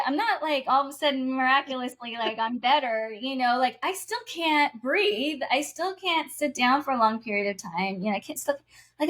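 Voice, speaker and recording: A woman guest on a podcast, telling a heartfelt personal faith story in an earnest, casual way, often using fillers such as "you know" and "like.". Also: high-pitched.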